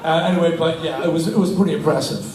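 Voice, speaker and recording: A man in his sixties telling stories on stage as a guest, animated and swearing freely, laughing as he talks. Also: on the high side, quick pace. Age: 60s. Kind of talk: profane live storytelling. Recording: echoey, distant live-room sound with faint noise.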